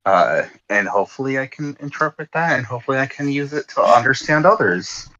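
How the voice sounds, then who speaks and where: A man's voice: medium pitch, lively intonation, brisk, bright, forceful tone, dull audio. An American man chatting casually on a livestream, rambling with lots of "like" and restarts. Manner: rambling, heavy use of "like" and restarts.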